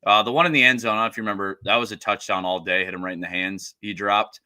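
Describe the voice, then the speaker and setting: A man's voice: lowish voice, steady tone, rapid-fire, bright, forceful tone, smooth, dry recording. A man co-hosting a sports podcast, talking bluntly and with plenty of swearing, exasperated with his team. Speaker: podcast co-host. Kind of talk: casual sports chat.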